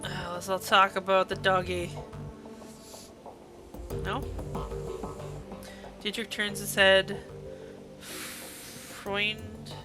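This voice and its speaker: A woman's voice: medium pitch, little pitch movement, very slow, pauses often, music in the background. A woman streaming a game live, reading its text aloud and reacting with gushing, emotional outbursts. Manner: gushing, emotional reactions between read passages.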